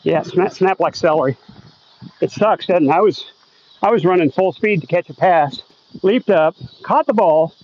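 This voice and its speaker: This Oklahoma vlogger strolls a residential street at night during a live stream, casually reading viewer comments and cracking jokes about his surroundings while slightly breathless from the uphill walk. His pitch is fairly high, the highs are cut off, and there's a little hiss or hum.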